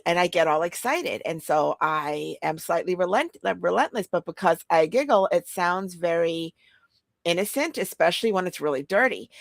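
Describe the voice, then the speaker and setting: A woman chatting casually as a podcast co-host, giggly and animated as she tells a story. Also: fairly low pitch, creaky, no room sound. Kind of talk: casual chat.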